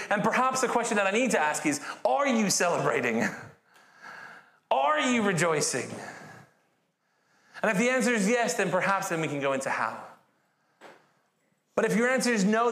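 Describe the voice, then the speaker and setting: A British man preaching a sermon in a church, with an animated, jokey and encouraging manner. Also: high voice, moderate pace, long pauses. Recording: echoey church hall.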